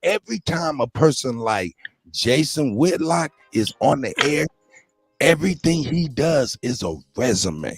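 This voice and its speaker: A man's voice: mid-range voice, lively intonation, a little slow, slightly rough, no echo, studio quality, soft background music. A man co-hosting a live talk show, chatting in a conversational, emphatic way with profane asides. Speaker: co-host. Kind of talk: casual live show chat.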